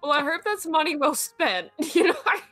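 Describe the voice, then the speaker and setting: A woman co-hosts a casual late-night chat, chatty and full of filler words. Her voice is bright and clear. Faint music plays behind her. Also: sits high, very animated, moderate pace. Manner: chatty, lots of fillers, laughs along. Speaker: co-host.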